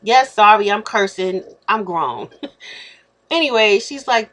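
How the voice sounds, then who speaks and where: A woman's voice: fairly high pitch, normal speed, a bit bright. A woman in her thirties telling a story in a casual vlog, blunt and straightforward, acting out the quoted exchanges as she goes. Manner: acts out quoted exchanges in shifting voices. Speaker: YouTuber.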